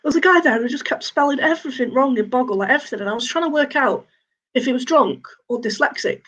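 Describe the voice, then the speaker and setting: A young woman with a Northern English accent doing a deadpan, self-mocking stand-up routine. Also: high-pitched, fast talker, highs cut off. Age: young adult. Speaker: stand-up comedian. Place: home, online showcase.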